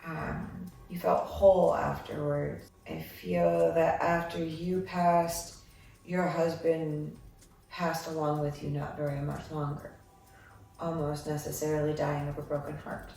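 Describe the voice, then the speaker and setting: A woman's voice: low voice, level tone, a little slow, gravelly, mellow, faint music behind. A woman giving a psychic reading, talking in a meandering way with many filler ums. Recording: echoey room, far from mic, faint noise.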